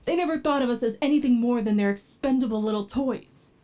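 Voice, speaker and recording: A woman voicing an obsessive, devoted android with an unstable temper in a whispered role-play, talking softly and pleading, sometimes flaring into anger. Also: on the high side, slow. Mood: indignant. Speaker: ASMR role-play performer.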